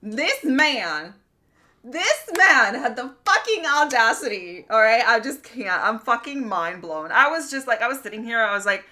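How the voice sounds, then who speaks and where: Woman, streamer, bright tone, fairly high voice, animated profane storytelling. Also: a little slow. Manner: animated, profane, exasperated ranting. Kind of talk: casual storytelling chat.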